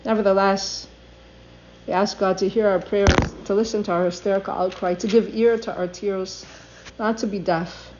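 A woman's voice: medium pitch, fairly even intonation, normal speed, a little mellow, a little hiss or hum. An older woman giving an earnest religious talk, reading passages aloud and then translating them. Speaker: Torah teacher. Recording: dull lo-fi recording.

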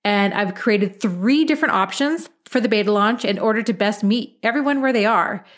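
Give me a candid woman podcast host in her thirties, chatty and direct. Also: medium pitch. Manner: candid, chatty, peppered with mild swearing. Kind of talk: casual podcast monologue.

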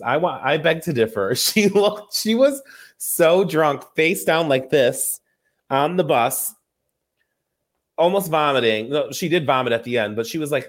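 Man, podcast host, casual gossip recap, animated, laughing, swearing, mid pitch.

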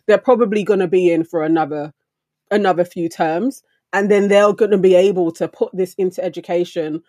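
A woman's voice: fairly low pitch, dark tone, dry recording, studio quality. A woman co-hosting a casual discussion who speaks reflectively, building long arguments. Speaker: podcast co-host.

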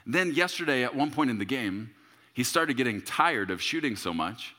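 A man in his thirties preaching a sermon as a pastor, telling a story with humor and bursts of shouting. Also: mid-range voice, expressive, normal speed, in a large hall.

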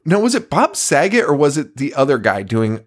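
A man's voice: a little high, big pitch swings, normal speed. A man in his thirties co-hosting a podcast, rambling and laughing with profanity. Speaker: podcast co-host. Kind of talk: casual chat.

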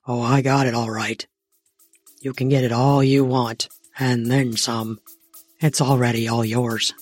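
Woman putting on a husky low-voiced male lover. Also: little pitch movement, a little mellow, no room sound, soft background music. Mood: flirtatious. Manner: slow, drawn-out, teasing. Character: low-voiced man, flirtatious, relaxed lover.

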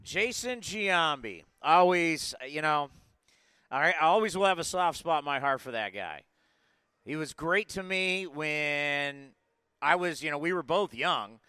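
Bright, clear-voiced man in his forties. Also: a little high, measured pace, dry recording. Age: 40s. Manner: energetic, rambling, with frequent asides. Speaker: sports podcast host. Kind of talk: casual live sports talk.

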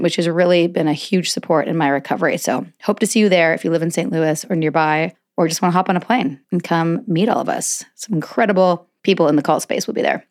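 A woman hosting a podcast in casual chat, talking in chatty, digressive runs and laughing often. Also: lowish voice. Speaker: podcast host.

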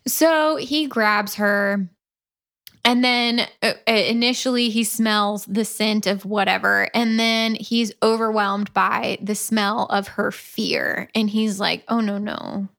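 A woman co-hosting a chatty podcast, walking through a book's plot at an unhurried, drawn-out pace. Her delivery is dry and deadpan, with casual swearing tossed into her asides. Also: medium pitch, creaky. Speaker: podcast co-host. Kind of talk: casual chat, retelling a book plot.

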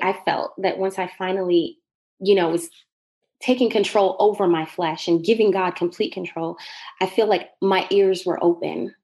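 A woman's voice: fairly low pitch, darkish tone. A young woman from Jamaica with a Jamaican accent and a slight Southern drawl, sharing her faith testimony as a podcast guest and laughing often between phrases. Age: young adult.

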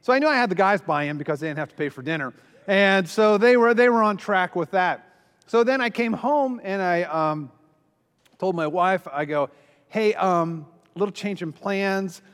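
A man's voice: high-pitched, normal speed, a bit bright, clean tone, long reverb tail. A man speaking as a pastor, telling a story with self-deprecating humor and many fillers. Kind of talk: humorous teaching talk.

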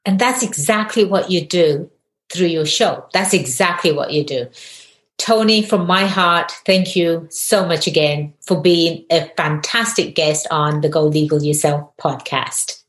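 A woman's voice: low-pitched, unhurried. A woman hosting a podcast interview in an upbeat way, laughing often. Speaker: podcast host and attorney. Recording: roomy echo.

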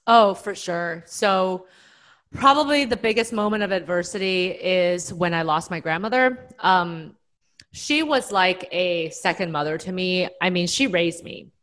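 Calm, explanatory woman psychologist. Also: fairly low pitch, unhurried. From Taiwan. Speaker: psychologist guest. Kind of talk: interview answers.

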